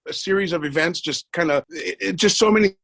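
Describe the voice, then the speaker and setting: Animated man telling a story, dry sound. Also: high voice, fast talker, creaky, dry recording. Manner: animated storyteller, acts out dialogue, repeats words when excited. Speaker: podcast guest. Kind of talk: casual storytelling interview.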